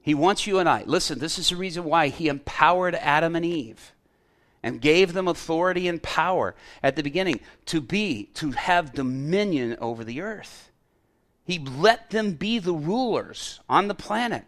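Animated male preacher telling a story. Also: fairly high pitch, normal speed. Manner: animated storyteller, acts out quoted dialogue. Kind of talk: sermon with storytelling.

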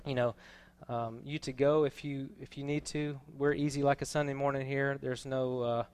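A man preaching a sermon, moving between quiet, casual asides and loud, proclaiming readings of scripture. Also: medium pitch, flat delivery, moderate pace, clear, resonant tone. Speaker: pastor. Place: church.

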